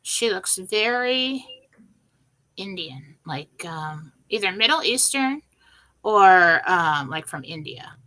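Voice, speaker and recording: A woman's voice: fairly low pitch, expressive, slow, bright, forceful tone. A woman answering viewer questions as a psychic on a live stream, casual and loose, thinking aloud.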